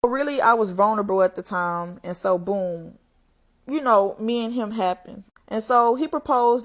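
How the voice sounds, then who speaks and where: A woman's voice: mid-range voice, moderate pace. A young adult woman telling a personal story on camera in a candid, blunt, profane and emotional way. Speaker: vlogger.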